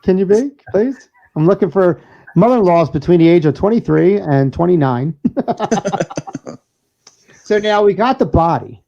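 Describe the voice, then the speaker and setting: A man's voice: sits high, animated, measured pace, vocal fry, pauses often, mellow. A man co-hosting a casual podcast, rambling through stories with frequent laughs and restarts. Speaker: podcast co-host and DJ. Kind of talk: casual banter. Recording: dull lo-fi sound.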